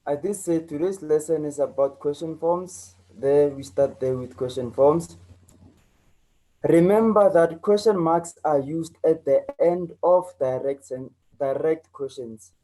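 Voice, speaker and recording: Dark-voiced South African man teaching. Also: on the high side, poor audio. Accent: South African English. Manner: repeats key points, checks in with "okay?" and "right?". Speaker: English teacher. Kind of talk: online lesson.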